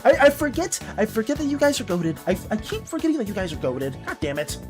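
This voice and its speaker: A woman art streamer chatting casually on a live stream, excitable, laughing often and swearing. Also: on the high side, fast, over music.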